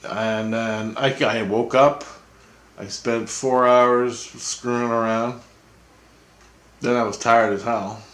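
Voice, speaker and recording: A man's voice: mid-range voice, flat delivery, takes it slowly, long pauses, a bit bright. A man vlogging, telling a rambling personal story with chuckles. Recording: roomy echo.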